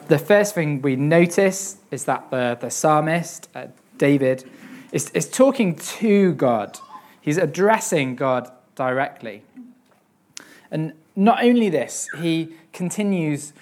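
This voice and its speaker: A young preacher with a fairly high voice delivers a sermon on a psalm. He reads the scripture earnestly, then works through it with many pauses, fillers and repeated words.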